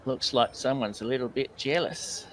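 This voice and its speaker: A man's voice: mid-range voice, fairly even intonation, normal speed, a bit bright, a little hiss or hum, close to an everyday voice, low-quality recording. A man voicing a boastful, flirty male adventurer in a tabletop game, talking in chummy, cocky banter. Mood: swaggering.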